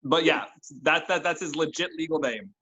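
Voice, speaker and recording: A man's voice: a little high, moderate pace, pushed and bright, breathy edge, muffled recording. A man running a tabletop role-playing game, narrating and chatting casually with his players. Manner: casual, chatty, with restarts and laughs. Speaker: game master.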